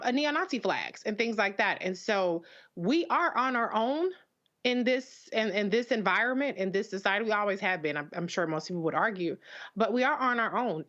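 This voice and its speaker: A woman's voice: mid-range voice, a bit bright. A woman commissioner who speaks in a blunt, heated way, often stumbling over and repeating words before she gets going. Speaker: local commissioner. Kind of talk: live panel remarks. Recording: dull lo-fi remote audio.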